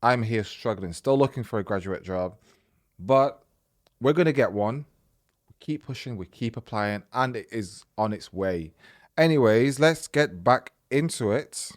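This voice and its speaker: A man's voice: mid-range voice, lively intonation, measured pace, dry recording, clean studio sound. A young man hosting a podcast, reading a listener's story aloud in a casual, chatty way and often breaking off to comment.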